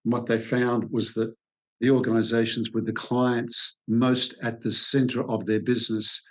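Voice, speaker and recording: An Australian man in his sixties, a sales expert answering interview questions in a thoughtful way, pausing often with "uh". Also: mid-range voice, level tone. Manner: thoughtful, hesitant with many "uh" fillers.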